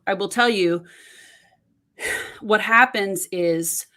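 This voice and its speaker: A middle-aged woman, an autism parent and podcaster, tells a personal story as a guest in a conversational interview, frequently restarting sentences with fillers. Her medium-pitched voice is very slow and sharp in tone.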